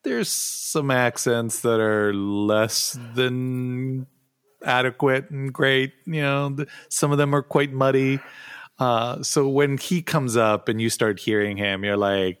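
A man's voice: mid-range voice, steady tone, slow, clear, resonant tone. A man co-hosting a podcast, whose first language is not English, chatting casually with many restarts and fillers. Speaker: podcast co-host.

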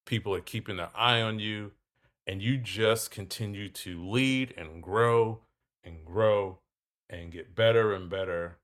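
A man telling a story in casual talk, acting out both sides of a conversation. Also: on the low side. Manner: animated, acts out both sides of dialogue.

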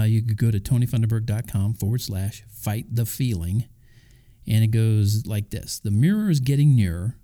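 A man talks through a devotional message in a relaxed, chatty way, tossing in asides and little chuckles. His voice sits low and sounds very dark and mellow. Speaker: Christian podcast host. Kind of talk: casual devotional talk.

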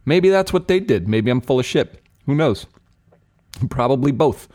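A man's voice: mid-range voice, animated, moderate pace, a little mellow. A young adult man hosting a beer podcast, chatting casually and candidly about a beer's taste, rambling and swearing now and then. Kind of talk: casual tasting chat.

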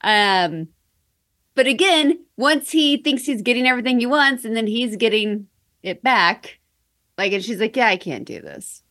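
A woman talking casually on a podcast about a film, animated and laughing as she acts out scenes. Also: on the high side, measured pace. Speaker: podcast guest.

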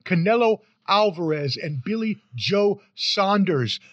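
A man's voice: high-pitched, animated, moderate pace, a bit bright, no echo, highs cut off. A man hosting a podcast, introducing the show in a playful, hyped, rambling way. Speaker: podcast host.

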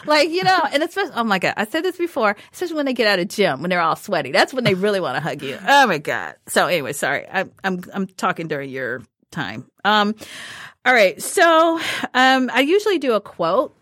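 A woman's voice: mid-range voice, brisk, no room sound, studio quality. A woman hosting a podcast and telling teaching stories in a casual chat, laughing often. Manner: laughs often, animated storytelling. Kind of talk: casual conversation.

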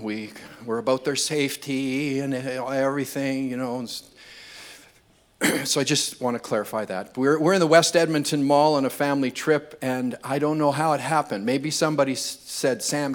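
An older man preaching a sermon, telling funny family stories and building to loud, impassioned appeals. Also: medium pitch. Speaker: pastor. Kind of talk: sermon with humorous storytelling.

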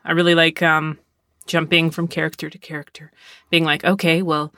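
A script supervisor and writer chatting on a podcast, telling lively stories and acting out quotes. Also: medium pitch, a little fast, clear, resonant tone, dry recording, clean studio sound. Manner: lively storyteller, acts out quotes, laughs often. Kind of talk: casual podcast chat. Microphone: close studio mic.

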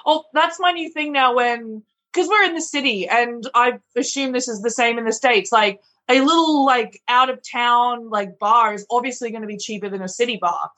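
A woman who works behind a bar talks loosely and candidly, scattering "like" through every sentence and swearing without a second thought. Her voice sits a little high. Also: normal speed, few pauses, a bit bright, rough recording. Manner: swears freely, frequent "like" fillers. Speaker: bartender guest. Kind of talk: casual podcast chat.

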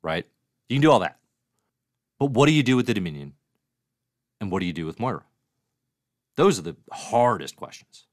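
A man's voice: on the low side, very animated, moderate pace, pauses often, no room sound, studio quality. A man hosting a casual comics review livestream, chatty and reading viewer comments aloud. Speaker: livestream host.

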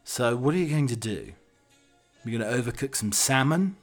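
A man's voice: mid-range voice, animated, normal speed, faint music behind. A man hosting a podcast alone, rambling cheekily in a casual monologue with wry asides. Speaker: podcast host.

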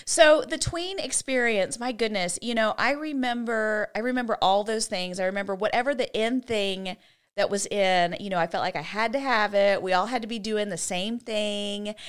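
Quoting movie lines in put-on voices, a giggly woman in her forties co-hosts a podcast, chatting casually and laughing a lot. Her medium-pitched voice is clear and resonant, at a moderate pace.

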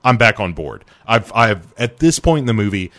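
Deep-voiced male podcast co-host, dry close sound, wry and animated movie banter. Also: dry recording. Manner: wry, animated storytelling with quick asides. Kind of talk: casual movie review chat.

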